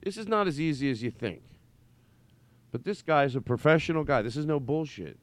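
A man's voice: on the high side, animated, fairly quick, dry recording. A man hosting a podcast in casual comedic chat, playful and rambling as he teases his guest. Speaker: podcast host.

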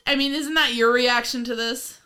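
A woman co-hosting a casual podcast recap, animated and laughing, often swearing and acting out lines from the episode. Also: on the high side, moderate pace, clean tone. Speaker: podcast co-host.

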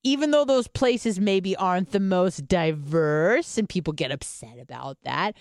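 A woman's voice: fairly low pitch, expressive, unhurried, darkish tone, no echo, clean studio sound. A young woman co-hosting a podcast, chatting casually, rambling and swearing with lots of fillers. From United States. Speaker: podcast co-host. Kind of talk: casual chat.

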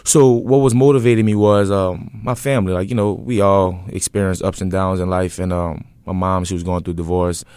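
A man's voice: low-pitched, fairly quick, hardly any pauses, clear, resonant tone, dry recording, clean studio sound. A young man, talking casually as an interview guest and telling his story with lots of fillers. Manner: relaxed, rambling storytelling with many fillers. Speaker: interview guest, event business owner.

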